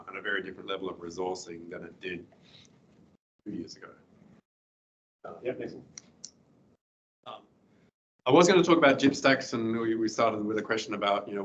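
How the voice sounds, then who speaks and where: Hoarse guy giving a talk, lowish voice, lots of ums, faint hiss behind. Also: a bit bright, muffled recording. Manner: halting, many fillers and restarts. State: losing his voice, clearing throat. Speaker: guest speaker. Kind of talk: lecture with slides.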